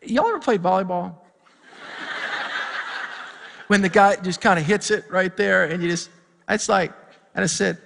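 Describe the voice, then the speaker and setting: A man's voice: high-pitched, slow, gravelly, pauses often, fairly bright tone, big-room sound. A middle-aged male pastor preaching a sermon, telling a story and building to fired-up preaching. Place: church sanctuary.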